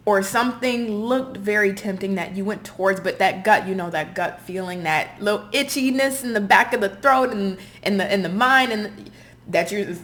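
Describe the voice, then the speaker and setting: A woman's voice: medium pitch, normal speed, fairly bright tone. A woman giving a heartfelt tarot reading, earnest and apologetic, circling back to repeat her phrases. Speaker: tarot reader. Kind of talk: intuitive tarot reading to camera.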